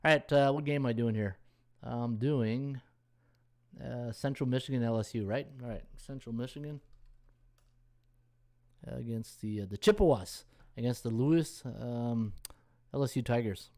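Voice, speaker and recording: A man's voice: mid-range voice, moderate pace, pauses often, a little mellow. A man hosts a loose live-stream Q&A on sports betting, rambling and thinking aloud as he searches through games. He reads out viewers' comments and thanks them, with an ordinary mid-range voice. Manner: rambling, thinks aloud while scrolling stats. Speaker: sports betting handicapper and host.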